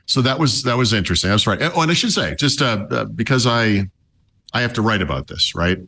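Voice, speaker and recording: A man's voice: on the low side, lively intonation, a little fast, vocal fry, pushed and bright, slight background noise. A man talking casually as a tech podcast commentator, wry and chatty, with many fillers and restarts.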